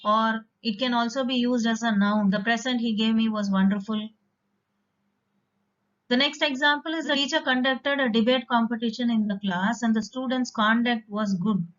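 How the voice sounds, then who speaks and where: A woman's voice: fairly high pitch, normal speed, a bit bright. A woman teaching an English vocabulary lesson, explaining patiently with occasional fillers. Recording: dull lo-fi recording.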